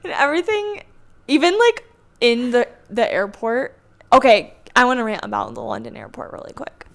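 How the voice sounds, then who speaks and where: A young woman co-hosting a podcast, telling stories in an animated casual chat and laughing often. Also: on the high side, normal speed, creaky. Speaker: podcast co-host.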